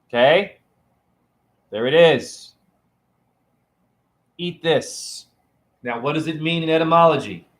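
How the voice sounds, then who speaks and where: A man's voice: a little high, fairly bright tone. Taunting, preachy man live-streaming. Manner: preachy and taunting, keeps asking "right?". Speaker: self-styled spiritual teacher streaming to a chat. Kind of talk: live-stream rant to viewers. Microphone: phone camera.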